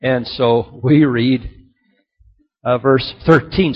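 Husky pastor preaching, lo-fi. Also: male voice, medium pitch, takes it slowly. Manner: storytelling, swinging between loud emphasis and soft drops. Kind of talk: sermon. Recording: dull lo-fi recording.

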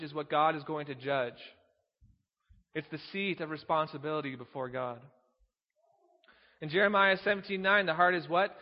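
A man's voice: high voice, long reverb tail, dull audio. A man preaching a sermon, teaching earnestly, reading scripture aloud and posing rhetorical questions.

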